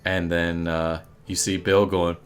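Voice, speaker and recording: A man running a tabletop game as game master, unhurried and often laughing. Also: low-pitched, little pitch movement, soft background music.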